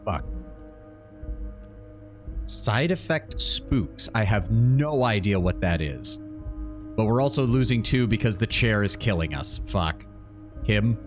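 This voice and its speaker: A man's voice: on the low side, lively intonation, slow, pauses often, music in the background. A man streaming a video game, commenting casually and jokingly, swearing and reading choices aloud. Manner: casual, swearing, jokey, reads options aloud. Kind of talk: gameplay commentary.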